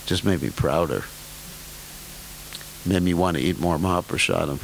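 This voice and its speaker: An older man giving a scripture lecture as a spiritual teacher, slowing down to stretch key words and slipping into humorous, self-deprecating asides. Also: low-pitched, creaky, poor audio. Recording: faint hiss in lecture recording.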